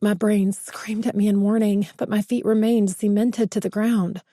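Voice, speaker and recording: A woman narrates a first-person thriller audiobook, building suspense at an even pace. Her voice is dark and mellow and sits at a middle pitch. The recording is close and dry. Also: normal speed, dry recording.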